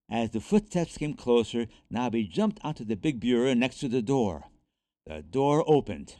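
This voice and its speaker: A man reads a children's chapter book aloud, expressive and animated. His pitch swings widely through the lines, and the recording is dry with no room sound. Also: no echo. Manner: lively, expressive read-aloud. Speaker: narrator. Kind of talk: storybook reading.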